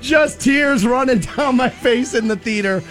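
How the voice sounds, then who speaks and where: A man hosting a rock radio show, telling stories loudly and laughing at himself between promo reads. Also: extremely high pitch, measured pace, soft background music. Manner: animated, shouting storyteller who laughs at himself. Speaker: radio morning show host. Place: radio studio.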